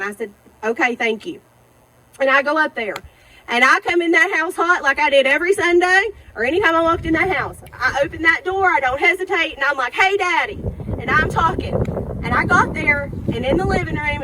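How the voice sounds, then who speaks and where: Middle-aged woman, high voice; emotional eulogy delivered outdoors with clear traffic noise behind her. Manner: emotional storytelling, acting out remembered dialogue. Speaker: daughter giving a eulogy. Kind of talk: personal graveside eulogy. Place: outdoor cemetery graveside.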